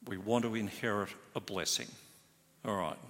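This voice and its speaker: A man's voice: on the low side, steady tone, normal speed, a bit bright. A man preaching a sermon as pastor, earnest and emphatic, stressing key words. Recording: hall reverb.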